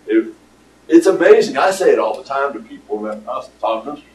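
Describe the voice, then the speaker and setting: An older man giving a casual, rambling pitch to an audience, with lots of fillers. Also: lively intonation, a little fast, a little mellow, a little hiss or hum. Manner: rambling storyteller with many fillers. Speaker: startup presenter. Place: meeting room with audience. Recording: roomy, distant room recording.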